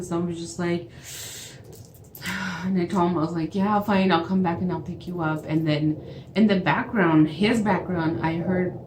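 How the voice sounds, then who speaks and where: Young Navajo woman, storytime vlogger, low voice, animated retelling in a roomy space. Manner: animated retelling, acts out both sides of calls. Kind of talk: storytime vlog. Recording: echoey room with faint background noise.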